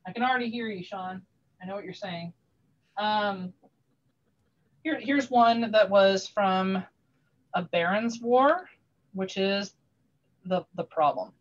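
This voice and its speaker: A woman telling a long animated story in a casual chat, rambling with many restarts, heard over a video call. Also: medium pitch, takes it slowly, pauses often, muffled recording. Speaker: craftsperson sharing her work on a video call.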